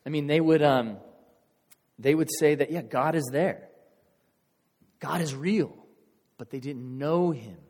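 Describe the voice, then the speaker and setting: A male pastor giving a sermon in a church, telling a story in a casual, animated way and acting out the crowd's voices. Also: fairly high pitch, unhurried, pauses often, in a large hall.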